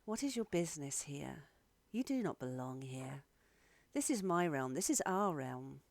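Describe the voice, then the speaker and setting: Eerie plant-spirit queen as a woman puts her on, cold, imperious, slow and dry-sounding. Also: sits low, big pitch swings, a little mellow, no echo, voice pushed down, heavily acted.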